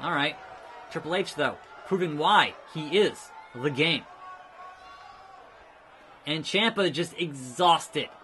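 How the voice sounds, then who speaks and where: A man hosting a let's play, giving excitable, jokey wrestling play-by-play with sudden shouts. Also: a little high, slow, pauses often, a little hiss or hum. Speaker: host.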